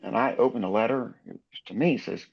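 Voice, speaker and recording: A man's voice: mid-range voice, fairly quick, creaky, breathy edge. Lo-fi storytelling older man. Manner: lively anecdotal storyteller, acts out other people's lines. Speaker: basketball referee guest. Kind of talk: storytelling in a podcast interview.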